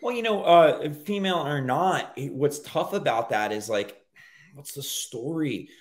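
A man talking as a guest on a casual podcast, relaxed and conversational, with frequent fillers. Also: on the high side, measured pace.

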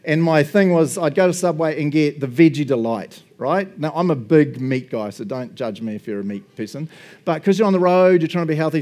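Laid-back joking pastor preaching. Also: male voice, on the high side, a little mellow. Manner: chatty and jokey, tag questions like "right?" and "eh?"; laughs often, acts out little quoted exchanges. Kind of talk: casual sermon.

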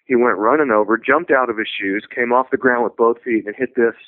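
A tennis coach talking on a radio show, telling stories in a relaxed, conversational way. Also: male voice, medium pitch, a little fast, no echo. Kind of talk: radio talk show discussion. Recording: tinny phone-like radio audio.

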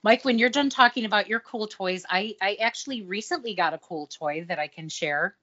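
A woman's voice: mid-range voice, a little fast, sharp tone, muffled recording. A woman co-hosting a podcast, chatting casually and telling stories in a playful way. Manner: chatty storyteller, playful teasing. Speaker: podcast co-host. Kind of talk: casual chat.

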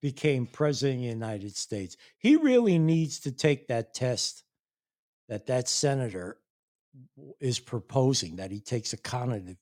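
A man's voice: medium pitch, very animated, unhurried, darkish tone. A man ranting angrily to his viewers, swearing a lot and laughing in disbelief. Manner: angry, profane, incredulous, laughs in disbelief. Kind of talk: profane political rant.

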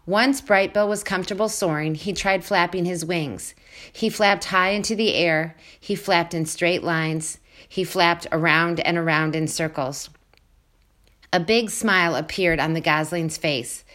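Woman storybook reader, slightly low voice, clear and steady. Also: unhurried. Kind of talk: reading a children's novel aloud.

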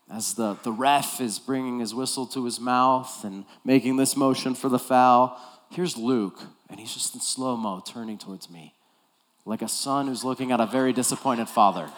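A male pastor preaching with lively storytelling, acting out the scenes in his story. His voice sits in a middle pitch. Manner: animated storytelling, acts out scenes. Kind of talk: sermon.

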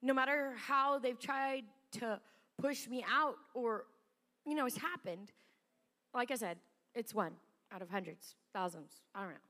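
A high-pitched middle-aged woman pastor tells stories from the pulpit in a chatty, animated way, laughing often. Her voice carries a long reverb from a large church sanctuary. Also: measured pace. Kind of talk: sermon storytelling.

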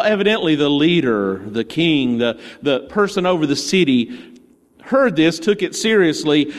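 A man's voice: sits high, long reverb tail. A male pastor preaching a sermon in a conversational storytelling way, with playful asides, in a church.

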